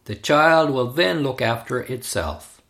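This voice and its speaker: A man reading a first-person memoir aloud in a measured, deliberate way. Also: mid-range voice, expressive, fairly bright tone. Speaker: reader. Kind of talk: scripted narration of a memoir.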